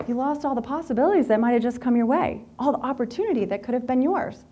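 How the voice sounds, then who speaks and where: A woman giving a motivational talk to a live group, telling stories in a candid, animated way and swearing freely. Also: a little high, fast, lo-fi sound. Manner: candid, profane, animated storyteller. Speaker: workshop speaker.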